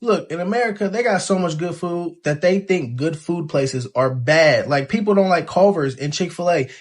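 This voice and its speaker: A man's voice: a little high, moderate pace, close to an everyday voice. A man playing a young British man who apologetically gushes about American restaurants in a comedy sketch. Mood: gushing. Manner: apologetic, gushing.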